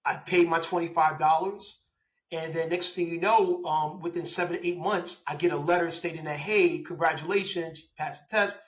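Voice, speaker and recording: A man in his forties tells his story in a relaxed interview. His voice sits a little high and sounds very bright and forward. He talks in an animated way and acts out the dialogue he quotes. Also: normal speed, poor audio. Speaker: guest, police officer.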